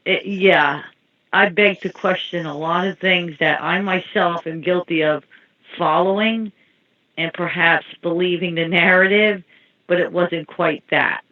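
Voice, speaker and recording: A woman's voice: fairly low pitch, fairly even intonation, a little slow. A woman telling rambling anecdotes in casual chat. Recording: tinny phone-like line.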